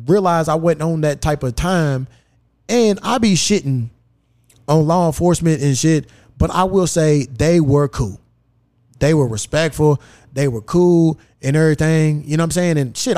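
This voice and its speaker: A man hosting a podcast, telling a story in casual, profane chat and acting out the dialogue. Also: fairly high pitch. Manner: profane, animated, acts out quoted dialogue. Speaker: podcast host. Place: podcast studio.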